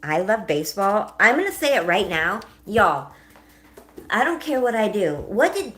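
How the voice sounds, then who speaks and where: A woman's voice: medium pitch, very animated, moderate pace, fairly bright tone. A young woman hosting a livestream, chatting casually, laughing often and answering her chat as she goes. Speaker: livestream host.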